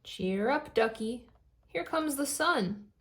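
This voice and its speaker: A woman's voice: high voice, animated, slow, a bit bright, heavily acted. A woman reading as a kind father duck. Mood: comforting. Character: kind father duck comforting his son.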